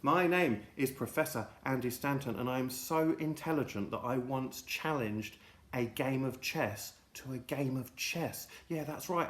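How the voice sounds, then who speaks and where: A man rambles through a comic children's monologue in a silly, mock-pompous tone. His voice sits at a middle pitch and carries the echo of a roomy indoor space. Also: a little slow. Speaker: host. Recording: echoey room.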